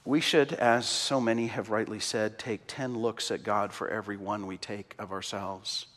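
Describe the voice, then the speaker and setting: Man, preacher, sermon storytelling, impassioned, loud-soft swings, long hall reverb. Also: fairly low pitch, steady tone, normal speed. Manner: impassioned, big swings in loudness.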